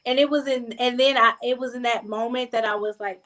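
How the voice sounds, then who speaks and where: A woman with a slightly high voice tells a personal story in a casual group conversation. She talks emphatically and leans on repeated words to drive her point home. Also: steady tone, a little fast, hardly any pauses, a bit bright. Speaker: guest.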